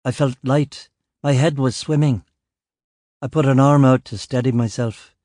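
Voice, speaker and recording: Brief: male narrator, wry and matter-of-fact, mid-pitched, dry close sound. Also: fairly even intonation, unhurried, a little mellow, dry recording. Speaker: audiobook narrator. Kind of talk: first-person audiobook narration.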